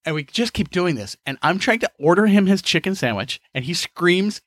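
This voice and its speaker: A man's voice: high-pitched, expressive, moderate pace, a bit bright, dry recording, clean studio sound. A man hosting a podcast, telling rambling personal stories with a profane, exasperated, laughing manner. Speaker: podcast host.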